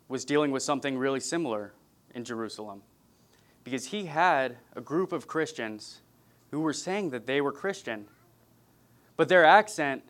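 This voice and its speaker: Man preaching a measured, earnest sermon. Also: medium pitch, fairly bright tone. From California. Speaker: pastor.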